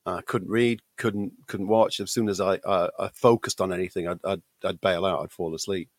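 A British man, a podcast co-host, chatting casually with a gravelly voice while recovering from illness, often repeating words. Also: deep voice, fairly even intonation, normal speed, no echo. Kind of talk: casual chat.

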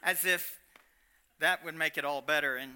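Middle-aged man, sharp, animated sermon storytelling. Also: on the high side, moderate pace, slight background noise. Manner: animated, swinging from loud to hushed. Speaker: preacher sharing a testimony.

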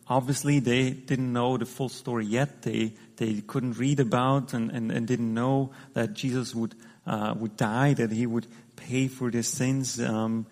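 A man's voice: medium pitch, darkish tone. A man giving a conversational sermon, talking through the scripture with frequent restarts and fillers. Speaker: preacher. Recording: long hall reverb.

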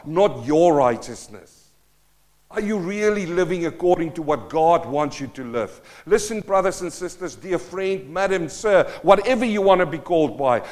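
High-voiced man preaching with fervor. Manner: impassioned, swinging between loud exhortation and quiet pleading; repeats rhetorical questions to the congregation. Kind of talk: sermon. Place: church.

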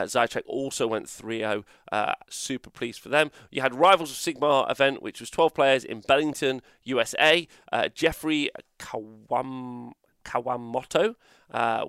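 A man talks through a casual results rundown in a loose, rambling way, full of fillers and asides. His voice is smooth and clear. The sound is dry and close. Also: mid-range voice, a bit bright, dry recording. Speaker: host.

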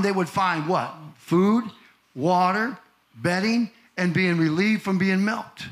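A middle-aged male pastor preaching a sermon, telling folksy stories, asking the congregation questions and rising to shouted emphasis. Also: sits high, animated, moderate pace.

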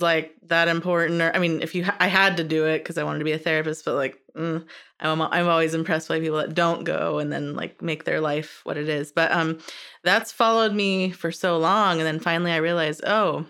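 A woman's voice: lowish voice, fairly bright tone, clear, resonant tone. A woman in her forties, a therapist, telling her own story candidly in a casual chat. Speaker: therapist, podcast guest.

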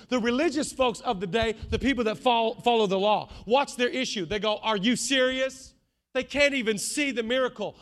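A man preaching a sermon as pastor, animated, building to shouts and acting out voices of the people in his story. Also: very high voice. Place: church.

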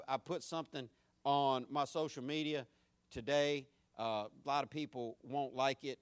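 A man's voice: medium pitch, no room sound. A middle-aged man with a Southern US accent, preaching a sermon earnestly and building to fiery emphasis. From North Florida, US. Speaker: pastor.

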